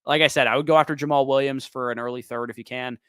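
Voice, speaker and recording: Bright, crisp man fielding rapid questions. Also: medium pitch, fairly even intonation, no room sound. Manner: quick, listing names then picking one. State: losing his voice. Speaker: fantasy football show host. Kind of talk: livestream Q&A, rapid-fire start/sit answers.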